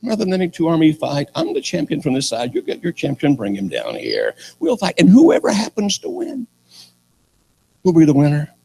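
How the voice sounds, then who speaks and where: A huge, boastful giant warrior taunts his foes in a mock-reasonable tone, as a preacher acts him out. The voice is husky and gravelly and pitched well above the preacher's own, with lively swings. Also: normal speed, exaggerated voice.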